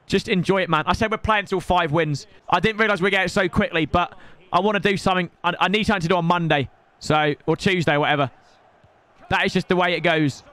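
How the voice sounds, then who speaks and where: Young man, video game streamer, live gameplay commentary, excitable, shouty outbursts, high voice, bright tone. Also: fast. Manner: excitable, bursts into shouts, teasing banter.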